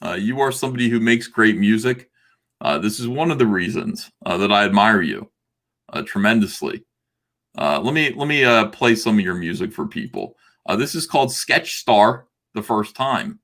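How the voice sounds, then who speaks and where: A man's voice: on the low side, expressive, moderate pace, a bit bright. A middle-aged man hosting a casual livestream chat, hesitant with many fillers and laughing often. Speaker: livestream host.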